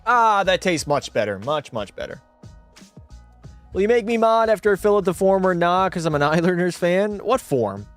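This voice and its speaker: A young man streaming a hockey video game, chatting with his viewers and breaking into profane, shouted rants. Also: sits high, very animated, normal speed, faint music behind. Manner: profane, talks to chat, erupts into shouting rants. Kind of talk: casual gaming livestream commentary.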